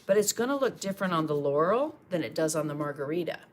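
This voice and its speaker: Low-voiced chatty woman painter. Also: lively intonation, fast talker, a little hiss or hum. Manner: chatty, encouraging, talks while painting. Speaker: painting instructor on a livestream. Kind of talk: casual painting demonstration.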